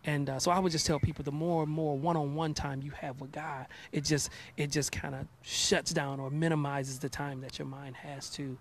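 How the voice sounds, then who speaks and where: A man in his thirties, a gospel artist talking in a casual interview, animated and preachy, often repeating words as he starts sentences. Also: on the high side, moderate pace, hardly any pauses.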